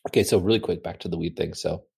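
A man chatting casually from home, telling an animated, rambling story full of fillers. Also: low-pitched, quick pace, creaky, husky. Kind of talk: casual chat.

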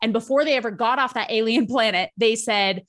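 A woman coach explaining her framework in a podcast interview, lively and dramatic. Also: fairly high pitch, a little fast. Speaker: charisma coach.

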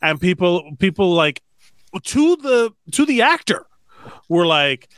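Slightly high-voiced guy rambling on a podcast, swears a lot, dry mic. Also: very animated, slow pace, a bit bright, clean tone, dry recording. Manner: rambling, profane, many fillers and restarts. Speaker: podcast co-host. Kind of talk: casual chat.

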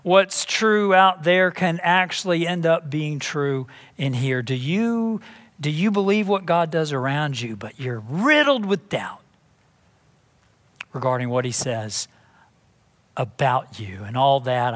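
A pastor from Texas preaching a sermon in a church, emphatic and full of rhetorical questions. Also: male voice, a little high, fairly bright tone. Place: church sanctuary. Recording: long reverb in a big hall.

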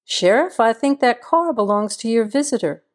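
A woman reading the part of a police station dispatcher, a woman who speaks flatly and matter-of-factly, in an audiobook. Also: a little high, moderate pace. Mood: plain. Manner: flat, matter-of-fact.

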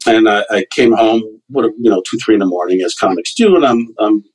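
A man's voice: lowish voice, brisk, a little mellow, breathy edge, rough recording. A man, a comedian guest, telling loose anecdotes with fillers and restarts in a casual interview.

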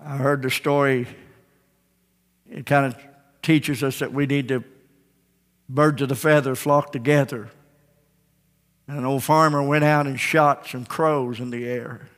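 A man's voice: medium pitch, steady tone, unhurried, long pauses, a bit bright. A man preaching a folksy, emphatic sermon as pastor in an echoey church. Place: church sanctuary.

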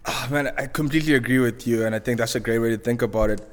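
A man's voice: medium pitch, racing, long reverb tail. A young man from Zimbabwe, a podcast guest telling a story in a casual, chatty way, laughing often. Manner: laid-back, laughs often, chatty slang.

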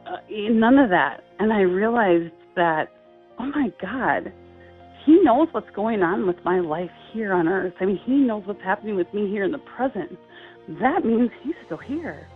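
A middle-aged woman, an interview guest, telling a personal story in a halting, heartfelt way with many fillers and restarts. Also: medium pitch, expressive, husky. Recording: tinny phone-line sound with faint music.

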